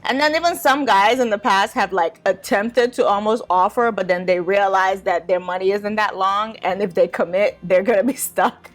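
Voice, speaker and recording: A woman's voice: medium pitch, normal speed, few pauses. A young woman hosting a podcast, talking casually and wryly, with lots of "like" and small laughs. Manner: chatty, wry, with frequent "like" and laughs. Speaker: podcast host. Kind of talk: casual advice monologue.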